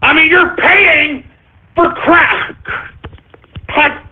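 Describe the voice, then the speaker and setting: A man hosting a talk radio show, ranting angrily with shouting and profanity. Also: extremely high pitch, extremely slow. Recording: tinny phone-like lo-fi.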